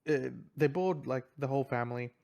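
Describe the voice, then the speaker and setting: A man's voice: medium pitch, brisk, darkish tone. A man co-hosting a podcast, casually recapping a film with many restarts. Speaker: podcast co-host. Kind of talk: casual chat.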